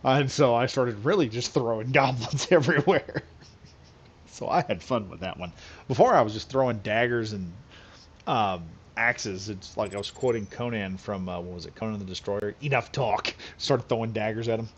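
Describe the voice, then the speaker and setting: A husky, rather low male voice at a moderate pace chats casually on a late-night game live stream, wandering loosely from topic to topic and frequently chuckling. The audio is lo-fi and slightly dull.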